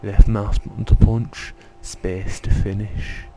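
A man voicing a gruff, condescending male tutorial instructor in a video game, barking instructions in a wandering mock Scottish accent. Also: lowish voice, measured pace, warm tone, a little hiss or hum. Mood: bossy.

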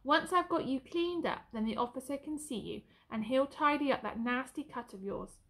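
A woman voicing a kind young soldier who talks softly and coaxingly to a horse. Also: high voice, moderate pace. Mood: gentle. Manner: soft, coaxing.

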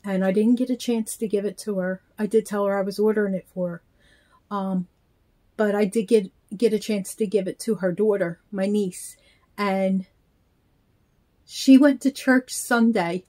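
A middle-aged woman who vlogs about reborn dolls chats casually while opening mail, slow and heartfelt as she gushes with thanks. Her mellow voice is medium in pitch with fairly even intonation.

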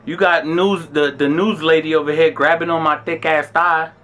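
Young guy doing a storytime vlog, loud bright voice, cussing, acting out every line. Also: on the high side, steady tone, moderate pace. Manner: brash, profane, acts out dialogue with rising outbursts. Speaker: vlogger telling a travel story. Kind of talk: animated storytime monologue.

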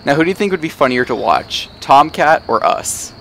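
A man's voice: a little high, lively intonation, moderate pace, creaky, fairly bright tone. A man chatting casually and teasing his friend while playing a game. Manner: joking, teasing, sings snatches. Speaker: gamer. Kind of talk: casual gameplay chat. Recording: faint background noise.

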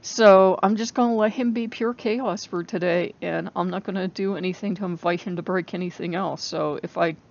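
A woman's voice: fairly low pitch, fairly even intonation, normal speed, creaky, few pauses, lo-fi sound. A woman vlogging in casual chat to camera, rambling and laughing often, sounding exasperated.

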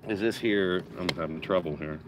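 The audio is dull and very noisy as a man with a low-pitched voice, speaking at a moderate pace, hosts a casual gardening livestream in his backyard. He's chatty, swears loosely, and reads viewers' comments out loud.

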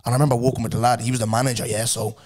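A man's voice: mid-range voice, very fast. A young Irish man hosting a podcast, telling stories in casual chat, swearing freely and acting out rows with customers. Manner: animated storytelling, heavy swearing, acts out quarrels. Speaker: podcast host.

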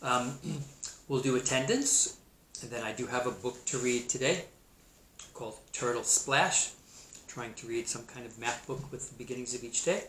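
A man's voice: medium pitch, normal speed, fairly bright tone, reverberant, slight background noise, low-quality recording. A male teacher chatting playfully through an online math lesson and a picture-book read-aloud. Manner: playful, chatty, laughs at himself. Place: Seattle.

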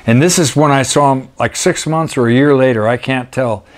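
A man's voice: medium pitch, moderate pace. Older man telling folksy photo stories. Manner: rambling, folksy, with restarts and asides. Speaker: documentary photographer. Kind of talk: storytelling slideshow talk.

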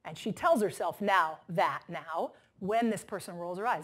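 The speaker is a woman with a fairly low pitch talking at normal speed, giving a motivational keynote. She shares stories with lively energy, voicing each person she quotes.

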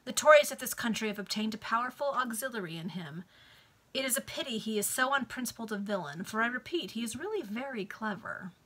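A man's voice: extremely high pitch, lively intonation, fairly quick, sharp tone, heavily acted. A woman reading the lines of a grave, moralizing exiled Italian count in a book read aloud over a video call. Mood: musing.

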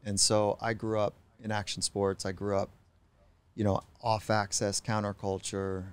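A middle-aged man, a psychologist guest on a podcast, telling stories in a reflective, unhurried way. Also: on the low side, level tone, smooth. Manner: reflective, unhurried, acts out quoted voices. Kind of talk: podcast interview storytelling.

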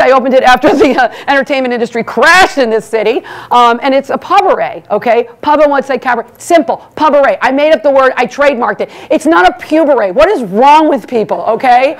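A woman doing a brash stand-up monologue as master of ceremonies, teasing the crowd and talking fast. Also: sits high. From United States. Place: banquet hall before a live audience.

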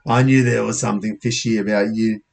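A man voicing a stern, smug police officer in an audiobook, speaking gruff and measured. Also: on the low side, steady tone, darkish tone.

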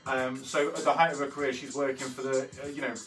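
A man's voice: medium pitch, little pitch movement, fast, a bit bright. A man in his thirties hosting an art workshop, chatting loosely through his pictures with many fillers and self-corrections. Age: 30s. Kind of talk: casual walkthrough of artwork. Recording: slightly distant mic with faint music behind.

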